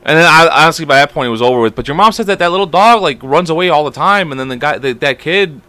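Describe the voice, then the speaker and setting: A young man co-hosting a casual podcast, telling stories in an animated way and swearing a lot. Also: a little high, smooth. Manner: fast, animated storytelling with lots of swearing. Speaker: podcast co-host.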